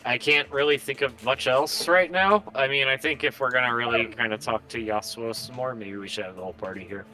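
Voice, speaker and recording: A man with a very bright, keen voice chats as a player in a tabletop game. He sounds laid-back and trails off with fillers as he thinks. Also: mid-range voice, fairly quick, faint music behind. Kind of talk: casual tabletop game chat.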